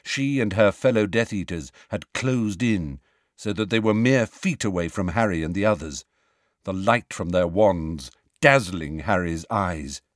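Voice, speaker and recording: A man reading a fantasy novel aloud as narrator, measured and dramatic. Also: deep voice, no room sound, studio quality. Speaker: audiobook narrator. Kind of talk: scripted narration.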